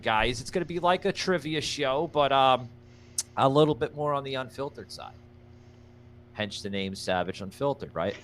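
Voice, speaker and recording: A man's voice: medium pitch, unhurried, a bit bright. A man hosting a livestreamed podcast in a rambling, casual way, thanking viewers by name and plugging merch. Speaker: podcast host.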